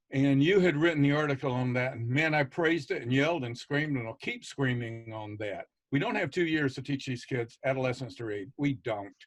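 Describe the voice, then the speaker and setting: Emphatic, blunt man with a higher voice. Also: a bit bright. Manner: emphatic and blunt, mild swearing, repeats for stress. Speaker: reading educator on a panel. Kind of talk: passionate panel discussion.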